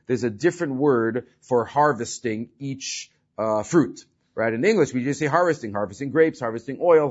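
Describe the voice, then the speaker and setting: A man's voice: medium pitch, a little mellow. A man teaching a Talmud class, explaining step by step, often checking with "right?" and mixing in Hebrew and Aramaic terms. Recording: slightly dull lo-fi recording.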